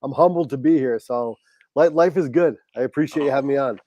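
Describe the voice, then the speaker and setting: A middle-aged man speaks in an ordinary mid-range voice, sharing an earnest, heartfelt story as a podcast guest. As a high school football coach, he acts out the back-and-forth dialogue with warmth and conviction. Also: fairly quick.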